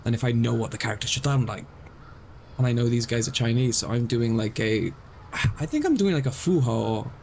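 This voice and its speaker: A man's voice: mid-range voice, animated, brisk, gravelly, a little mellow, slight background noise, low-quality recording. A young man streaming a game live, rambling and explaining himself self-consciously as he talks.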